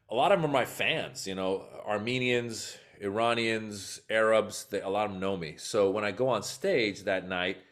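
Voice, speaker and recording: Low-voiced man telling animated stories. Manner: animated, acts out quotes in story. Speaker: comedian guest. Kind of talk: podcast interview storytelling.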